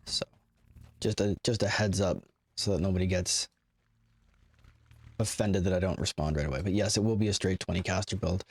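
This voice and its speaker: A man's voice: sits low, fairly even intonation, moderate pace, long pauses, breathy edge. A man streaming a game, giving casual, rambling commentary full of asides to his chat.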